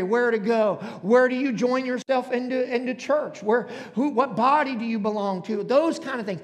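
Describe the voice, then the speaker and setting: A man in his forties preaching a sermon to a congregation, emphatic and calling out to them. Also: extremely high pitch. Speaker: pastor. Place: church auditorium. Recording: long hall reverb.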